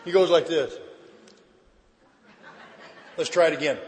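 A man giving a personal recovery testimony at a meeting, telling his story lively and acting out the dialogue. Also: fairly high pitch, normal speed, long pauses, slight background noise. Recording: echoey hall.

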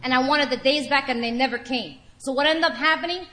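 A woman's voice: sits high, fairly quick, pushed and bright, echoey room. A woman giving a candid personal share at a recovery meeting, telling her story frankly and with wry humor to a room of listeners.

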